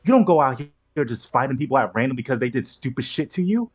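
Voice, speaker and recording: A man playing a tabletop game, speaking in character with slow, deliberate scolding. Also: mid-range voice, very animated, husky. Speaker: player. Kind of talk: in-character tabletop role-play.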